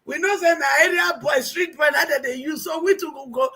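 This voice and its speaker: A woman's voice: sits high, fairly quick, a crowd in the background. A Nigerian woman speaking as a guest in a casual livestream chat, talking emphatically in Pidgin.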